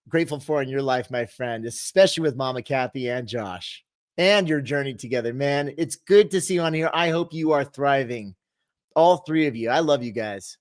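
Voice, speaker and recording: A man's voice: mid-range voice, normal speed. A middle-aged man, a fitness coach, hosts a live Q&A, reading viewer comments in an upbeat, encouraging way with many restarts.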